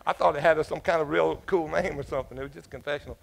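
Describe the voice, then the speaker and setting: Gravelly high-voiced man preaching. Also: racing, hardly any pauses. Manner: chatty, joking storytelling with laughs and asides. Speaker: pastor. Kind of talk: sermon. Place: church.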